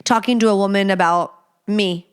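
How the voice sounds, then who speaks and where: A woman in her thirties hosting a casual solo podcast, talking bluntly and profanely, and acting out quotes with lively storytelling. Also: medium pitch, moderate pace, clear, resonant tone. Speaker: podcast host.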